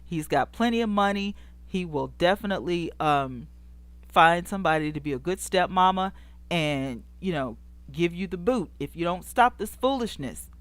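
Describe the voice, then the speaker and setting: A woman hosting a casual celebrity gossip show, greeting live chat viewers and scolding the people she talks about in a sassy, animated way, laughing often. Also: fairly low pitch, normal speed, no echo. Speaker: show host.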